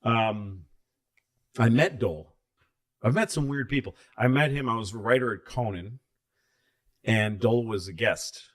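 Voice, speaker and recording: A man's voice: mid-range voice, measured pace, long pauses. A comedian in his fifties, telling rambling, profane stories in casual chat.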